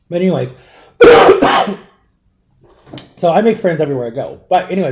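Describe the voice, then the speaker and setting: A middle-aged man chatting in a casual storytime vlog, rambling along and clearing his throat often. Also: a little high, a little mellow. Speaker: vlogger.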